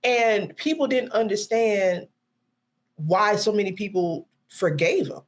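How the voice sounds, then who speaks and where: A woman's voice: mid-range voice, takes it slowly. A woman guest on a podcast, speaking in an outspoken, emphatic way and swearing freely. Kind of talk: casual chat.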